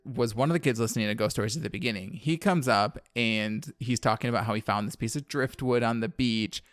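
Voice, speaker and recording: A man's voice: mid-range voice, no echo. Man podcasting, rambling film recap, swears and laughs a lot, dry close mic. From New Orleans. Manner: chatty, profane, laughs often, many fillers. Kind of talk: casual podcast chat.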